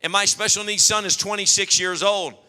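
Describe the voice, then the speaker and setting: A man preaching a sermon, telling animated stories and acting out quotes. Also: sits high, a little fast, clean tone. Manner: storytelling, animated, acts out quotes. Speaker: pastor. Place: church hall. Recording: long hall reverb.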